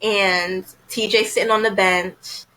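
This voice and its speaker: Woman reviewer, casual and outspoken, bright tone, lots of fillers. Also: mid-range voice, fairly even intonation, slow, low-quality recording. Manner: chatty, frank, heavy use of "you know" fillers. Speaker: TV episode reviewer.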